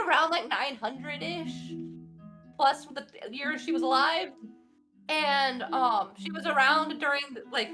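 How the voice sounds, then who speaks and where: Give me a woman with a very high voice giggling through a casual game recap over background music. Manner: giggly, breathless storytelling, frequent swearing. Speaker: player recapping a tabletop session.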